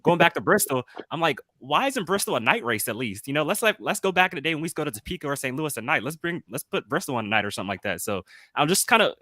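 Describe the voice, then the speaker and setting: A man from Southern California co-hosting a talk show, excitable and chatty. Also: fairly high pitch, racing, dry recording. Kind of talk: casual talk show chat.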